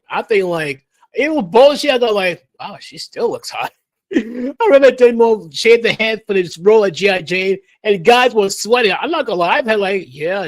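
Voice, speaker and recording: A man hosting a livestream, ranting emphatically with a lecturing, repetitive delivery. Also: high-pitched. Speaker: livestream host. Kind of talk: opinion rant on a livestream.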